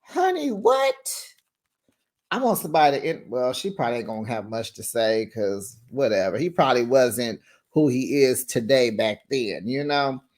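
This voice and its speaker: A woman hosting a casual reality TV recap, sassy and animated, talking straight to her viewers. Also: extremely low pitch, moderate pace. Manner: sassy, animated, talks straight to viewers with slang like "child" and "honey".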